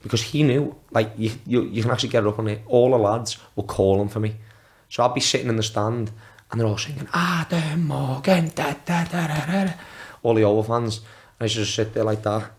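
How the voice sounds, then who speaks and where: Lower-voiced young man telling lively stories. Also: quick pace. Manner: lively anecdotes, acts out quotes in a raised voice; swears freely, talks in restarts. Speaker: podcast guest, former footballer. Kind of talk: casual storytelling.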